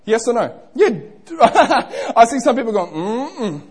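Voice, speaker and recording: A man's voice: extremely high pitch, big pitch swings, measured pace, breathy edge. A young man preaching a sermon, playful and interactive, asking the congregation questions.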